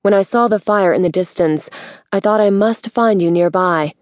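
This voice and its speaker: A woman voicing a secretive woman spy who speaks calmly and formally without contractions, in a dry recording. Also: mid-range voice, moderate pace, no echo, natural voice.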